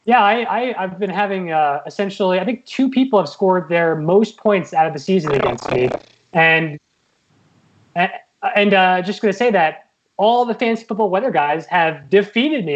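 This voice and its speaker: A man's voice: high-pitched, lively intonation, moderate pace. Man, meteorologist co-host, casual chat, easygoing, muffled lo-fi call sound. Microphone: video call.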